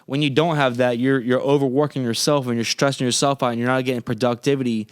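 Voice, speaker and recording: A man from Florida chats as a guest on a podcast, loose and profane, often restarting his sentences. His voice is medium-pitched, smooth and resonant. It is recorded close and dry in a studio. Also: fairly even intonation, quick pace, no echo. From Florida, USA. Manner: profane, rambling, frequent restarts. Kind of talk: casual interview chat.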